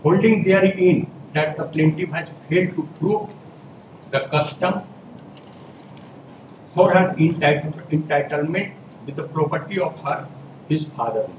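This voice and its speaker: A man's voice: a little high, measured pace, long pauses. A male advocate, arguing an appeal formally in a courtroom and repeatedly saying "my lord". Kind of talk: courtroom argument. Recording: echoey courtroom audio from far off with noise.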